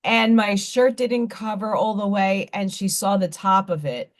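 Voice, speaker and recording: A woman's voice: medium pitch, fairly even intonation, unhurried. A woman hosting a live stream, telling stories in a rambling, candid, blunt way. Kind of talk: casual chat.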